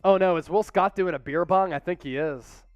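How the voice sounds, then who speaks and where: A man hosting a live sports watch party, calling plays and cheering loudly. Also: high-pitched, normal speed, clean tone, dry recording, dull audio, soft background music. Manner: excitable, shouts chants and play-by-play calls. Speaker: host.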